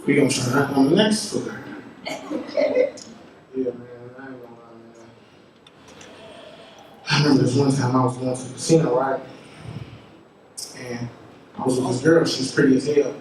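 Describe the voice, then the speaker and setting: Loud crude comedian, echoey club. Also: male voice, moderate pace, long pauses. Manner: crude, animated storytelling with high-pitched quoted voices. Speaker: stand-up comedian. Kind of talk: stand-up comedy. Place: comedy venue with audience. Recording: far-off roomy live crowd recording.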